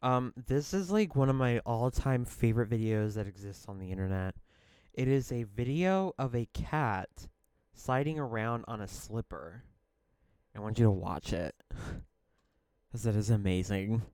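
A man's voice: on the low side, expressive, measured pace, darkish tone, clear, resonant tone, no room sound, clean studio sound. A man co-hosting a casual hangout podcast, rambling with lots of "like" and restarts and laughing often. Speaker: podcast co-host. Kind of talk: casual chat.

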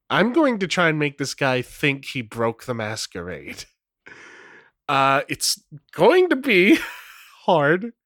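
Casting note: a man narrating a solo tabletop game, lively pitch, unhurried, dry close mic. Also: no echo. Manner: rambling, many fillers, laughs at rolls. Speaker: game master and player.

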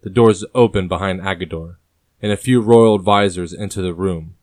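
A man quietly narrating a historical story in an even reading voice. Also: low-pitched, moderate pace, dry recording, clean studio sound.

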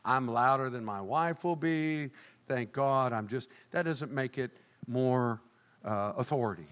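An older man preaching a sermon as pastor, swinging from low, quiet remarks to high, shouted lines. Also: measured pace, smooth. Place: church sanctuary. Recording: church hall reverb.

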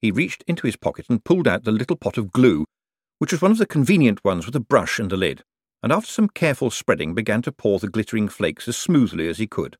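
A man reading an audiobook as its narrator in a wry, expressive way. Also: fairly low pitch, quick pace, husky, no echo, clean studio sound. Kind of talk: scripted narration.

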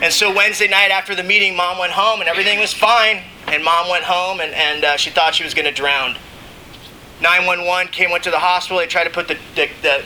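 A man's voice: fairly high pitch, pushed and bright, a little hiss or hum, low-quality recording. A man telling his recovery story to a recovery meeting, casual and emotional, often saying "you know what I mean" and laughing between lines. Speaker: recovering alcoholic speaker. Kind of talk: AA share, speaking to a meeting.

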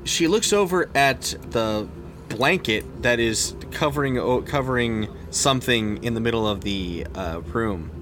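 A man's voice: mid-range voice, lively intonation, unhurried, background noise. A man narrating a tabletop role-playing game as game master, rambling with many fillers and restarts.

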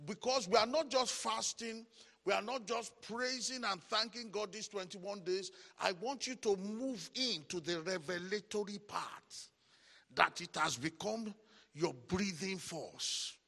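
A male pastor preaches a sermon, calling out titles and leading the congregation in repeated declarations through chanted call-and-response and shouts. His voice sits high and is creaky, at a measured pace, with a big-room sound.

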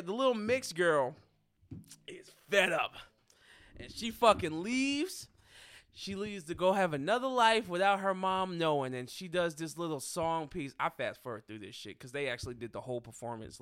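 Young guy on a podcast, high lively voice, super bright, cussing and cracking up, takes his time, music faint behind. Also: clean tone, no echo, clean studio sound. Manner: profane, breaks into loud laughter. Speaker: podcast co-host reviewing a film. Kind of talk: casual chat.

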